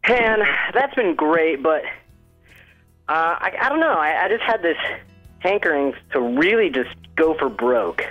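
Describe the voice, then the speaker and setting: A man's voice: a little high, very animated, unhurried, faint music behind. A man being interviewed about his acting work, talking in a chatty, self-deprecating way full of restarts. His voice sounds young and stuffy, like a small child with a cold. The recording is dull and lo-fi. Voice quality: sounds like a five-year-old with a cold. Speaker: guest actor. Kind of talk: casual interview chat.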